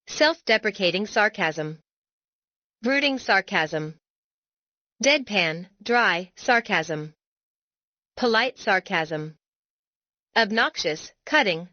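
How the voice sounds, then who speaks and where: A woman giving a scripted explanatory narration for an educational video, reading in a measured, deliberate way. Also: medium pitch, sharp tone, no room sound, muffled recording.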